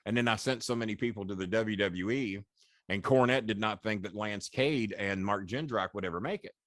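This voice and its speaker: A man's voice: lowish voice, brisk, no echo. 60-something guy, ex wrestling manager, cussing thru his old stories, dry close mic. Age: 60s. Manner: profane, animated anecdotes with laughs. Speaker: guest, former wrestling manager. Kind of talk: storytelling interview.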